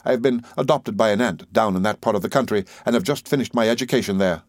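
A man's voice: on the low side, quick pace, dry recording, clean studio sound, natural voice. A man reading an audiobook, voicing an earnest, effusive young man. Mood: eager. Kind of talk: audiobook character voice.

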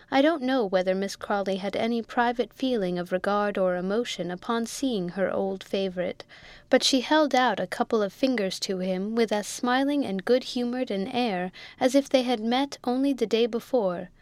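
A woman narrating a classic novel in a measured, expressive reading. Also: mid-range voice, no room sound. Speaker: audiobook narrator. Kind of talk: literary narration.

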